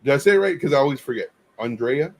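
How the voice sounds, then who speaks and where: A man's voice: mid-range voice, animated, quick pace. A man co-hosting a casual livestream chat, blunt and teasing, often restarting his sentences.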